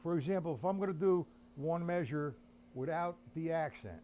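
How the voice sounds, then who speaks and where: A man's voice: a little high, animated, normal speed, heavy background noise. A man teaching drums on a live stream, counting beats aloud while he plays and chatting to viewers. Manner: chatty, addresses viewers as guys. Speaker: drum teacher. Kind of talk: live-streamed drum lesson.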